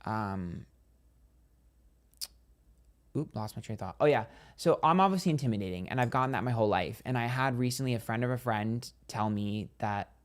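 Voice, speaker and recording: A man's voice: medium pitch, brisk, few pauses. A young man, a psychic streamer, chatting casually and bluntly while reading viewer comments, with a lot of "like". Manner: blunt, candid, heavy use of "like".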